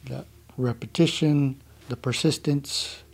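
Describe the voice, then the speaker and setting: A calm, laid-back young man from the United States, telling a traditional story to a gathering. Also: medium pitch, slow, vocal fry, breathy edge.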